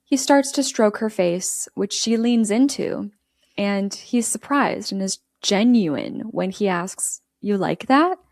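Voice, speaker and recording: Gravelly-voiced woman recapping a movie. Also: medium pitch, slow, darkish tone, no echo, studio quality. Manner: chatty, giggly, quotes characters in passing. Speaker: podcast host recapping a film. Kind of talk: casual storytelling recap.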